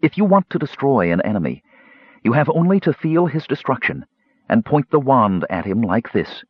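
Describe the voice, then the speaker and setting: A man's voice: medium pitch, very animated, normal speed, husky, no echo, muffled recording, pitched above the performer's own voice. A man voicing a uneasy, secretive noblewoman counselor in an audiobook, lifting his voice for her. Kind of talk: audiobook character reading.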